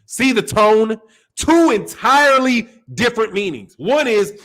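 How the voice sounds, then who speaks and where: Man, high voice, animated boxing commentary, swears, acts out quotes. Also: unhurried, poor audio. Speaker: boxing channel host. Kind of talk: casual opinion commentary.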